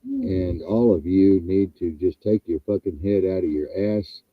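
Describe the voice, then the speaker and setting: A man's voice: low voice, measured pace, husky, no room sound. A man hosting a talk show, delivering an angry, profane, emphatic rant over a muffled line. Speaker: show host. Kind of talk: ranting talk-show monologue.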